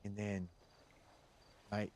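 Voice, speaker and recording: A man speaking in character as a police officer, telling a long story in an animated way and raising his voice when he quotes people. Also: fairly low pitch, very slow, a little hiss or hum. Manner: animated, raises voice when quoting others. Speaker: role-play player as police officer. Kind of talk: in-character role-play storytelling.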